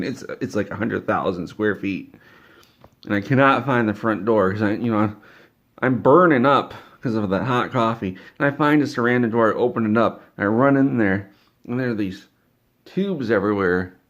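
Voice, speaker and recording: A man's voice: mid-range voice, muffled recording. A man telling an absurd comedic story in a rambling way, stammering and repeating words.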